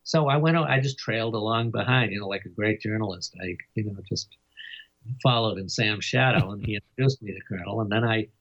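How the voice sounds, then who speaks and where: Older male biographer, low husky voice, chuckling anecdotal delivery, muffled lo-fi recording. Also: fairly bright tone. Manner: chuckles often, halting with fillers. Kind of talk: interview storytelling. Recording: dull lo-fi recording.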